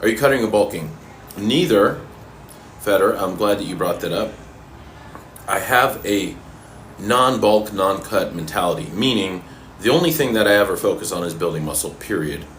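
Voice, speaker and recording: A man coaching fitness and answering viewers' questions in a relaxed, casual way while eating, sometimes talking with his mouth full. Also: on the low side, a little hiss or hum. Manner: relaxed, talks with his mouth full, pauses mid-sentence.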